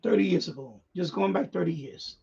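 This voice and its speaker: A man's voice: high-pitched, animated, fairly quick, vocal fry, warm tone, breathy edge, muffled recording. A man hosting a radio hobby live stream, chatting casually in a rambling way, repeating himself and chuckling often.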